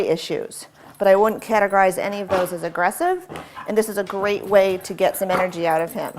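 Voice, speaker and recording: A woman's voice: mid-range voice, lively intonation, fairly quick, background noise. A woman dog trainer demonstrating tug play, explaining patiently between short commands to a dog.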